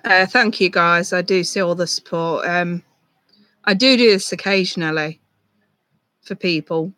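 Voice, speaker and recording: On a live stream, a tarot reader with a mid-range, unhurried voice speaks softly and reassuringly to a viewer, with lots of ums and restarts. There's no room sound.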